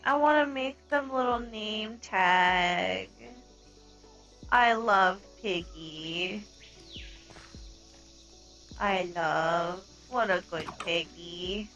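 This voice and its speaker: A young woman streaming a game, chatting casually and gasping and squealing with excitement. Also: medium pitch, extremely slow, long pauses, muffled recording, faint music behind. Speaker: streamer playing a multiplayer block game.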